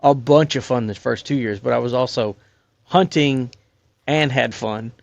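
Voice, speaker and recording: A man's voice: medium pitch, normal speed, creaky, no room sound, dull audio. A young man on a podcast telling a rambling, profane hunting-camp story in casual chat. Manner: rambling and profane, many fillers. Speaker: podcast guest, hunting crew member.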